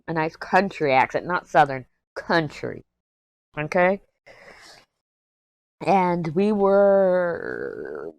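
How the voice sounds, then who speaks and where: A woman's voice: on the low side, gravelly. A woman in her thirties chatting casually as a crafting vlogger while she works, rambling, easily sidetracked, candid and jokey. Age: 30s. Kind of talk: casual chat while diamond painting.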